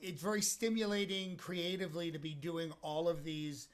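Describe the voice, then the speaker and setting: A middle-aged American comedian chatting as an interview guest, talking in animated bursts with lots of restarts. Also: male voice, a little high, normal speed. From United States. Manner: animated, rambling with many restarts. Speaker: comedian and impersonator.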